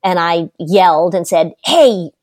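A middle-aged woman giving parenting advice in a podcast conversation, emphatic and animated as she tells stories. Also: on the low side, normal speed, no echo, clean studio sound. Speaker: parenting expert guest.

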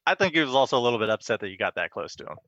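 A race car driver chatting casually as a guest. He talks quickly and relaxed, with many fillers. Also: medium pitch, no echo, lo-fi sound. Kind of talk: casual interview chat.

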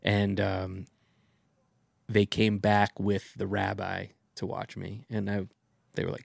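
A man co-hosting a podcast, a comedian telling a gig story in a relaxed, casual way. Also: fairly low pitch, slow, vocal fry, dry recording, studio quality. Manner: relaxed storyteller, backchannels a lot. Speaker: stand-up comedian, podcast co-host. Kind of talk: casual chat.

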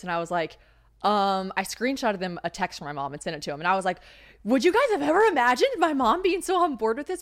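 A woman in her late twenties, a podcast host, chatting casually with lots of swearing and self-mocking asides. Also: medium pitch. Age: 20s. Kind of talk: casual chat.

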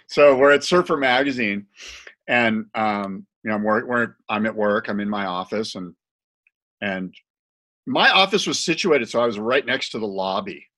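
A man telling stories in a casual podcast chat, animated and laughing, acting out other people's voices. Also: lowish voice, moderate pace. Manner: animated, laughing storyteller who acts out voices.

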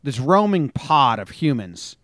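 A man's voice: medium pitch, sing-song, a little slow, a bit bright, no echo, studio quality. Casual man rambling through a story. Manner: rambling storyteller, chuckles often. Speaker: podcast co-host. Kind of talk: casual chat.

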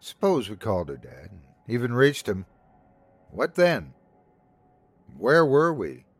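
A man's voice: mid-range voice, huge pitch swings, slow pace, no echo. A man hosting a podcast, giving dramatic scripted narration of a horror story.

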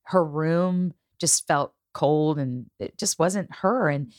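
Low-voiced woman, animated chatty storyteller. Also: slow, no echo, studio quality. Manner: emotional, animated storytelling with acted-out quotes. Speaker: podcast host. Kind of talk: casual chat.

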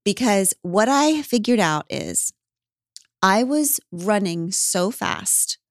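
A woman's voice: mid-range voice, sing-song, slow, no echo, studio quality. A woman telling a candid story in casual podcast chat, swearing and acting out what she said back then. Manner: candid, swears, acts out her own past lines. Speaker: podcast guest.

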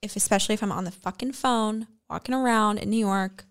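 A podcast co-host speaks candidly and emotionally in casual conversation, swearing freely. Her voice is medium-pitched, brisk and smooth.

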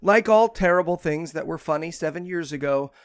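A man co-hosting a comedy podcast, delivering wry, deadpan jokes. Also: on the high side, a little fast, clear, resonant tone, dry recording, studio quality. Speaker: podcast co-host. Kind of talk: casual comedic chat.

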